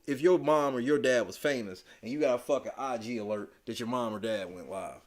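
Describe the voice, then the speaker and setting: A man co-hosting a podcast, giving blunt, profane, slang-heavy commentary on reality TV in a casual chat. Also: a little fast. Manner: blunt, profane, slangy, swings between low mutter and loud emphatic rants. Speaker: podcast co-host.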